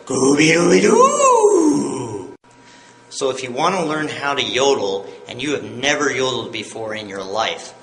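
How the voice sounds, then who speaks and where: In a tutorial video, a yodeling teacher with a sharp, mid-range voice explains each step plainly, staying patient and upbeat. The room is echoey with faint noise.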